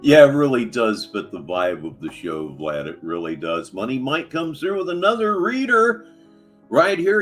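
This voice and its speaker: Sarcastic livestream host, lively pitch. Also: male voice, normal speed, faint music behind. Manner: sarcastic, mocking asides. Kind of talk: casual live commentary.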